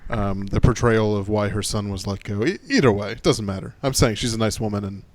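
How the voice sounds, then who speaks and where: A man's voice: on the low side, brisk. Joking, rambling podcast host man. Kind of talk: casual podcast chat.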